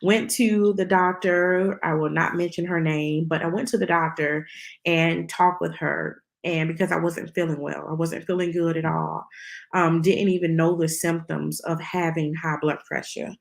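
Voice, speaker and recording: A middle-aged woman from the southern United States shares a personal testimony with the earnest pull of a storyteller. Her voice sits a little low for a woman, and she slips into the voices of the people she quotes. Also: flat delivery, normal speed, vocal fry. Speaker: host.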